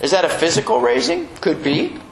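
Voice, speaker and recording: A man preaching a sermon in a church, animated and chuckling as he acts out little quotes. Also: high-pitched, fairly quick, gravelly. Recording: echoey room with faint noise.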